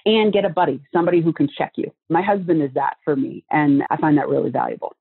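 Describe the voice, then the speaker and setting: A communication trainer appears as a guest on a podcast, her deep voice quick, creaky, and husky over a tinny, phone-like line. She's earnest and reflective, explaining advice through everyday images.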